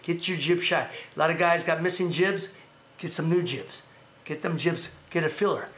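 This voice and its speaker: A man hosting a casual livestream, ranting animatedly and sometimes shouting. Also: fairly high pitch, moderate pace, echoey room. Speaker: show host. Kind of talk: casual livestream rant and chat.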